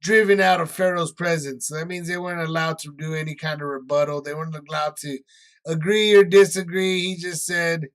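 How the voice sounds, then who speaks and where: Casual higher-voiced man teaching scripture. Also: steady tone, a little fast, hardly any pauses, fairly bright tone. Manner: conversational, many fillers, paraphrases scripture in everyday words. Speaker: Bible study teacher. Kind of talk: casual Bible study teaching.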